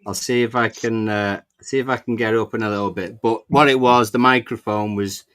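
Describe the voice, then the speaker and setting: A man's voice: fairly low pitch, steady tone, fairly quick, fairly bright tone. A man hosting a casual fan podcast, chatting and rambling with plenty of fillers. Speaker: podcast host. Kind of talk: casual chat. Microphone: clip-on microphone.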